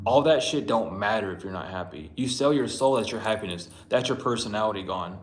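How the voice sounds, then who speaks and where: A man's voice: on the low side, animated, a little fast, background noise. A man giving a casual spiritual tarot reading, talking bluntly, swearing often and rambling. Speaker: tarot reader. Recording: roomy echo.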